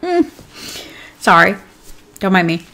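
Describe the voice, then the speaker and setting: A woman's voice: mid-range voice, moderate pace, fairly bright tone, slight background noise. A woman coaching pet groomers in a casual live class, chatty and upbeat, rambling with plenty of fillers. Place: home with her dog nearby.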